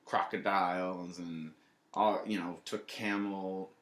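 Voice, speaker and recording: A man's voice: deep voice, steady tone, slow pace, a bit bright. A young man in his twenties, a restaurant owner guesting on a podcast, telling rambling travel stories in casual chat, full of fillers and acted-out quotes. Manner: rambling storyteller, many fillers, acts out quotes. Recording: echoey room.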